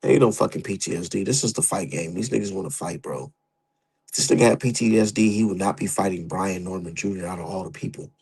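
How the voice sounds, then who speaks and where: A young adult man giving profane, heated, animated commentary as a boxing streamer. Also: deep voice, fast talker, creaky, husky, rough recording. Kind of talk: casual ranting commentary.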